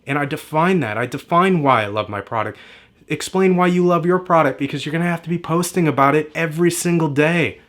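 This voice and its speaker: A man's voice: fairly high pitch, fairly quick, fairly bright tone. Guy giving a marketing lesson, hammers every point over and over, hyped motivational push. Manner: emphatic, repetitive, motivational. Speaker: marketing coach. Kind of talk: direct-to-camera marketing lesson.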